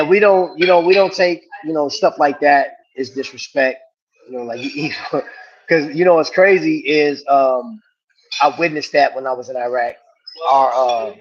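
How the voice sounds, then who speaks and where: A middle-aged man hosting a casual livestream, chatting in a laid-back way and laughing along with viewers. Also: mid-range voice. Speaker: watch reviewer and livestream host. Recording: dull lo-fi stream audio.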